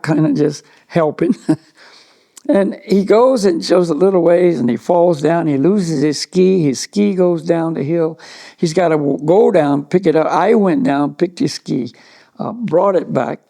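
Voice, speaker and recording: Man, mellow gravelly voice, slightly high, meandering storyteller giving a spiritual talk. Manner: rambling, anecdotal, many "you know" asides.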